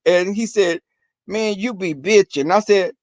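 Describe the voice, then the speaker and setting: A man takes his time telling coarse, profane stories to his viewers in a relaxed, animated rant, voicing the arguments shrilly. There's no echo on the recording.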